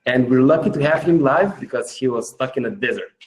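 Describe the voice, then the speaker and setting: A man's voice: mid-range voice, brisk, poor audio. A man with a Russian accent hosting a webinar in an enthusiastic, informal way. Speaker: webinar host.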